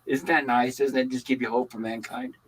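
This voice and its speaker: A man's voice: mid-range voice, brisk, a little hiss or hum, rough recording. Older man telling stories casually. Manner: animated storytelling. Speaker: livestream host. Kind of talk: casual chat.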